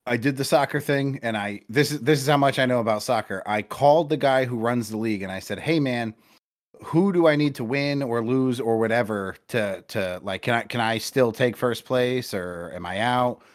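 A young man co-hosting a casual sports podcast, rambling and swearing as he gets excited. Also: mid-range voice, normal speed. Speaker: podcast co-host. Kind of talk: casual chat.

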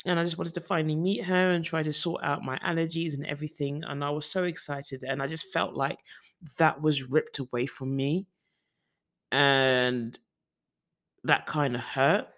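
A man's voice: a little high, steady tone, normal speed, a bit bright. A young man from the UK talking casually in a personal vlog, rambling with frequent restarts and fillers. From United Kingdom. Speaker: vlogger.

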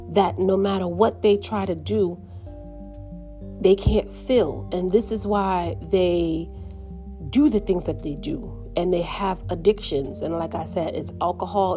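Earnest woman with a mellow voice. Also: lowish voice. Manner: earnest, reflective, slows down on painful parts. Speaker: mother sharing her story. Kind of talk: personal reflective monologue.

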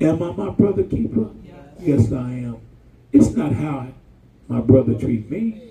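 Lively, high-pitched man preaching a sermon. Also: unhurried, reverberant, far from the mic, poor audio. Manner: animated, colloquial, calls out to the congregation.

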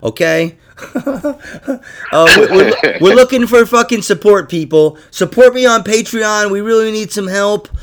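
A man hosting a podcast in casual chat, profane and animated, laughing through his asides. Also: sits high, unhurried, slight background noise. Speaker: podcast host.

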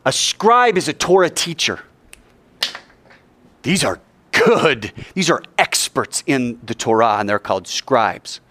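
A man preaching a sermon in a lively, joking way, acting out quoted voices. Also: medium pitch, slow. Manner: animated, jokey, acts out quoted voices. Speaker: pastor.

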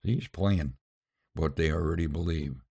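A man hosting a podcast Bible lesson, explaining scripture in a folksy, halting way with many pauses. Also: rumbling low, vocal fry, warm tone, slightly rough, no echo, clean studio sound.

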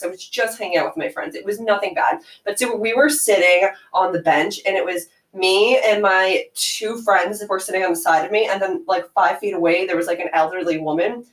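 A young woman hosting a podcast on her own, chatting casually and filling her speech with "like" as she tells a story. Her voice sits at a middle pitch, and it rings a little in an echoey room. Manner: chatty, filler-heavy with frequent "like". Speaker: podcast host.

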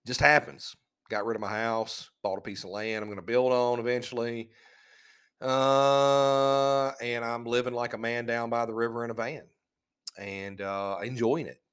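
A man's voice: mid-range voice, a bit bright, smooth. A man hosting a solo podcast, talking in a sarcastic, mocking, rambling way. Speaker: podcast host. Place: living in a van.

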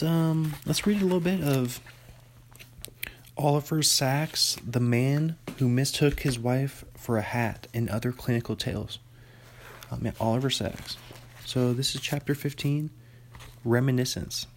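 Casting: male host, gravelly fry in the voice, joking and self-mocking, relaxed solo chat and reading aloud. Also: mid-range voice, a little hiss or hum.

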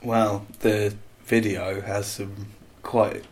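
A man's voice: lowish voice, flat delivery, extremely slow, a little hiss or hum. A man co-hosting a podcast, joking and laughing in casual chat about old pop songs. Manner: jokey, laughs a lot, does voices. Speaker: podcast co-host.

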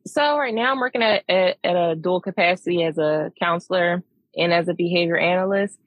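Low-voiced woman explaining her work. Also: no room sound, muffled recording. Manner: explanatory, measured. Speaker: behavior analyst guest. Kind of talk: casual interview chat.

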